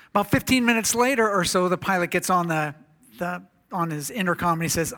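A man who is a visiting missionary, preaching a sermon in a church, telling a story and reading scripture in a soft-spoken way. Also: fairly high pitch, fairly quick.

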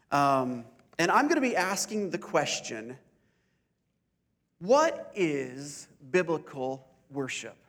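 A man preaching at a Sunday church service with a fairly high voice. He speaks deliberately, drawing out his key questions and stressing points slowly. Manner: deliberate, slows down for emphasis. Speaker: pastor. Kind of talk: sermon.

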